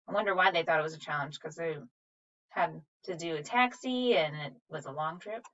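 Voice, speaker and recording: A woman's voice: low voice, a little fast, a bit bright. A woman teacher giving a recorded reading lesson, patiently sounding out words syllable by syllable. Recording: dull, slightly distant recording.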